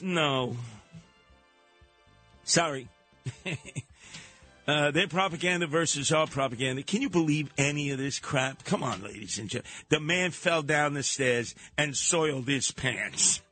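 A man hosting a talk radio show with mocking, animated comic riffs. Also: a little high, unhurried, soft background music. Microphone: studio microphone.

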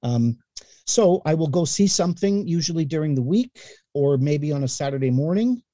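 A middle-aged man from Canada telling animated stories as a guest in a casual interview, sometimes acting out the voices he quotes. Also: on the high side, moderate pace, dry recording. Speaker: guest, newspaper columnist and radio voice.

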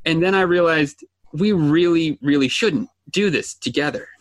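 Man, podcast co-host, high pitch, lively anecdotal delivery, dry booth. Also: moderate pace, no echo. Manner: animated storytelling, acts out quotes. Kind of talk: casual chat.

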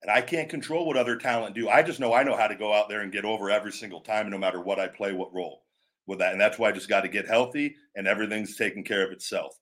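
A middle-aged man hosting his own show, talking bluntly and emphatically, now and then acting out catchphrases with sudden shouts and drawn-out words. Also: lowish voice. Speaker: podcast host and former pro wrestler. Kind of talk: opinionated casual talk.

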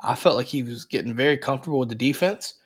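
A man's voice: mid-range voice, quick pace, breathy edge. A man co-hosting a sports podcast, rambling casually and hedging often as he breaks down the team. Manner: rambling, hedges a lot with repeated fillers. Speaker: podcast co-host.

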